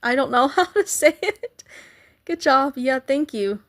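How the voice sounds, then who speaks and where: A woman's voice: high voice, expressive, a little slow, fairly bright tone. A woman live streaming, chatting casually with viewers and playfully trying to pronounce foreign greetings.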